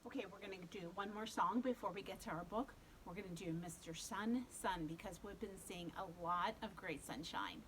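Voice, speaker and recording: A woman children's librarian leading a virtual storytime, talking slowly and simply to little ones. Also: mid-range voice, fairly bright tone, a little hiss or hum, rough recording. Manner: speaks slowly and simply to young children, coaxing.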